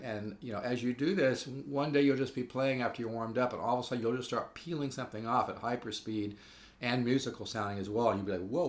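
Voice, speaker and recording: A man giving a casual spoken guitar lesson, rambling with fillers and restarts and growing enthusiastic. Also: mid-range voice. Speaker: guitar teacher. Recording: echoey room with guitar playing.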